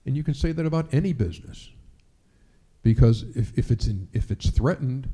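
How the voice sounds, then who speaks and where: A man's voice: medium pitch, expressive, moderate pace, mellow, breathy edge. A middle-aged sportscaster giving a speech to an audience, telling stories animatedly and acting out the lines he quotes.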